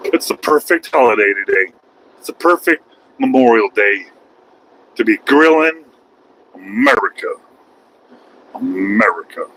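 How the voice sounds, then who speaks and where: A man's voice: mid-range voice, lively intonation, normal speed, pauses often, fairly bright tone, slight background noise, poor audio. A man vlogging while driving his truck, rambling in a folksy, self-mocking way. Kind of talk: casual driving vlog. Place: truck cab on highway.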